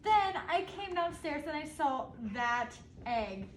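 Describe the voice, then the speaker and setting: A woman reads a picture book aloud to children and stops to ask them questions. Her voice is high and her pace is slow. She sounds distant in an echoey room with faint ambience. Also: big pitch swings, slight background noise. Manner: asks the children questions between pages. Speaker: storybook reader.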